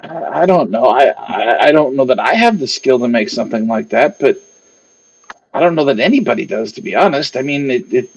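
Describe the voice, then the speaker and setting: A man's voice: medium pitch, lively intonation, fairly quick, slightly rough, highs cut off. A man voicing a nervous craftsman who stammers and trails off as he explains. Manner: stammering, hesitant.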